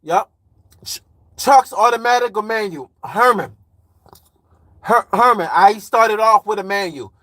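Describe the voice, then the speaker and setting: A man's voice: sits high, expressive, unhurried, pauses often, pushed and bright, dry recording. A man in his forties from Chicago, chatting loosely on a live stream and reading comments aloud in slangy, rambling talk. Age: 40s. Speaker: livestreamer and truck driver.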